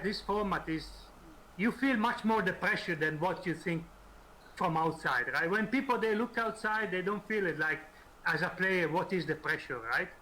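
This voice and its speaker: A man's voice: high voice, pushed and bright, slight background noise, poor audio. A man hosting a live-streamed interview, translating for the audience with many hesitations and fillers. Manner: halting, many fillers, switches between languages. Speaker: host and translator.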